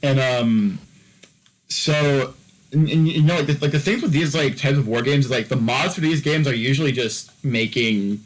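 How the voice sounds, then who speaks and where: A man's voice: mid-range voice, moderate pace, low-quality recording. A man co-hosting a podcast, telling a story in casual chat with many fillers, repeats and restarts. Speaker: podcast co-host.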